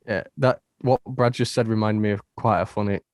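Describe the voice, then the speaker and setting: Male host, animated anecdote-teller, dry recording. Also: on the low side, a little fast, no echo. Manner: animated, laughing storyteller. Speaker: podcast host. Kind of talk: casual storytelling.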